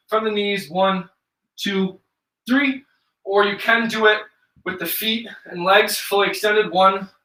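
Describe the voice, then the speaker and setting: A man's voice: high voice, sharp tone. A young man with an upstate New York accent leading a live follow-along workout, counting reps aloud and chatting casually between sets. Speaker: fitness instructor. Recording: echoey room, voice from a distance.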